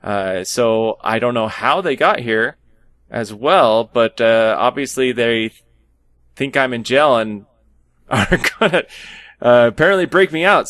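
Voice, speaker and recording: A man's voice: mid-range voice, fairly bright tone, no echo. A man playing a character in a tabletop role-playing game, friendly and curious, asking questions. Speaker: player.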